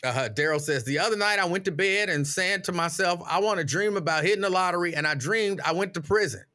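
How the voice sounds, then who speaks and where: In a high-pitched, brisk voice, a middle-aged live-stream host spins stories full of exaggerated, exasperated outrage and reads out comments from his viewers, keeping the whole thing casual and animated.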